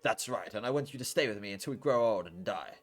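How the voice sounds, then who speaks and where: Dude reading a blunt young guy who trash-talks but cares, lowish voice, faint music behind. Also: expressive, fast. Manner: blunt, calls her names affectionately. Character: brash young man, gruff but caring. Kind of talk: reading a visual novel aloud with voices.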